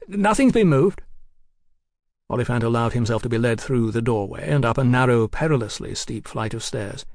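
Dry, measured male audiobook narrator. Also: medium pitch, no echo. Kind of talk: scripted narration of a novel.

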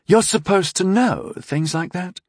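A man's voice: sits high, measured pace, a little mellow, slightly rough, no echo, studio quality, voice pushed up. A man voicing a cold, scheming teenage princess in an audiobook, speaking in a sly, condescending drawl. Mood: demanding. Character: scheming sixteen-year-old princess, cold and tipsy. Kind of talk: audiobook character voice.

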